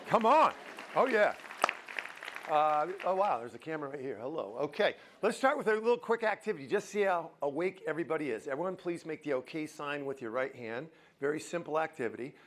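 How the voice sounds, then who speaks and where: A man's voice: a little high, a bit bright. A middle-aged man giving a motivational talk to a live audience in a university auditorium, joking and coaxing the crowd. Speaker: motivational speaker.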